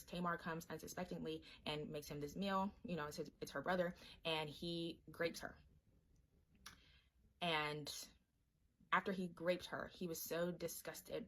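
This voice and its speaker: Woman, low voice, fast and slangy, casual scripture storyteller. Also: a little hiss or hum. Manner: slangy, chatty, acts out characters' lines. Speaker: Bible storytelling host. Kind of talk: casual Bible story retelling.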